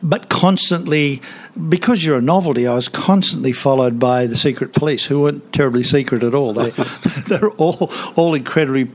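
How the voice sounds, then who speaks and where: A man's voice: medium pitch, normal speed. A man in his seventies, a guest telling anecdotes in a studio interview, chatty and laughing often, with many restarts. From Australia. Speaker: guest, TV comedian and author. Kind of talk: casual interview storytelling.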